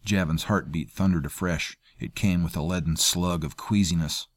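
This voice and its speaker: Guy with a real deep voice reading dark fantasy, dramatic and measured, dry close sound. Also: no echo. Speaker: narrator. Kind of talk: scripted audiobook narration.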